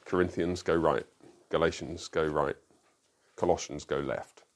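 A man's voice: extremely low pitch, unhurried. A man who is a pastor, teaching a school Bible class in a classroom, explaining emphatically and asking rhetorical questions. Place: classroom with a whiteboard.

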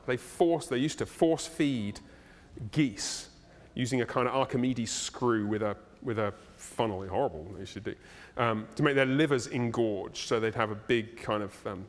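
A man preaching a sermon as pastor, animated and playful as he tells the story. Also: mid-range voice. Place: church hall, live congregation. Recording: long reverb of a church hall.

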